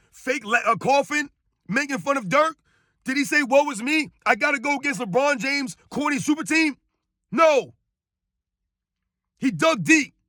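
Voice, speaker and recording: In a ranting piece of sports commentary, this man's very high, sharp voice drips with scorn as he repeats himself for emphasis. It's captured in clean studio sound without any echo.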